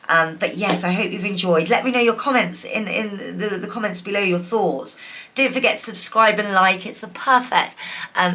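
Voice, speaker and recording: A woman's voice: on the low side, pushed and bright, slight background noise. A woman giving a casual, affectionate tarot reading, chatty and full of fillers. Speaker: tarot reader.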